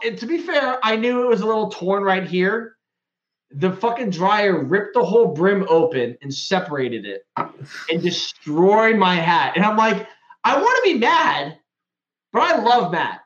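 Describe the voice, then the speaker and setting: A man's voice: sits high, echoey room, dull audio. A man hosting a casual chat, telling rambling, profane stories, a bit tipsy and slurring. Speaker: podcast host.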